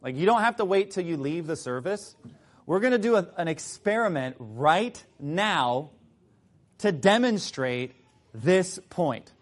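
A man's voice: sits high, expressive, unhurried. A man preaching a sermon, sarcastic at times, reading a passage in a mock-British voice.

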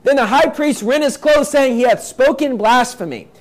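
Male preacher, very high voice, reads verses then drives points home emphatically. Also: moderate pace. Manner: reads scripture aloud then explains it in plain talk; emphatic, repeats points, acts out quoted voices. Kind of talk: sermon.

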